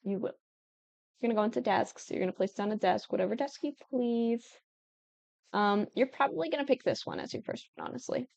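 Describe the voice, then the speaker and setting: A woman's voice: fairly high pitch, brisk, creaky, a little mellow, dry recording, muffled recording. A young woman giving casual, chatty gameplay commentary while she builds, often breaking off mid-thought and giggling. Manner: chatty and self-interrupting, with giggles. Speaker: Sims building tutorial creator.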